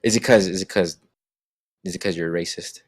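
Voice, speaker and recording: A man's voice: deep voice, a little fast, no room sound. A man co-hosting a casual podcast, rambling along with lots of fillers and restarts. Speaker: podcast co-host. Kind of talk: casual chat.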